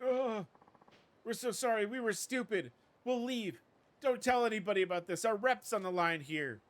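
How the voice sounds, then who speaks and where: A man's voice: mid-range voice, expressive, brisk, bright, forceful tone. A man voicing cocky, sleazy male club touts who push women with leering come-ons. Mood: whiny.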